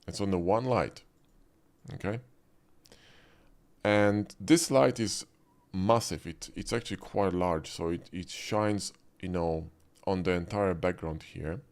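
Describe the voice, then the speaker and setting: A man's voice: low voice, slow, long pauses. A man teaching a 3D lighting tutorial over a screen recording, talking conversationally and checking in with "right?" and "okay?". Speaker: 3D art instructor.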